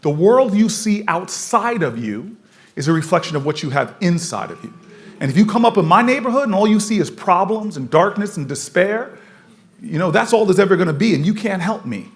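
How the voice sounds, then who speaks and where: A man's voice: sits high, sing-song, a little fast. A man voicing a stern older woman tenant leader, blunt and lecturing as he retells her words.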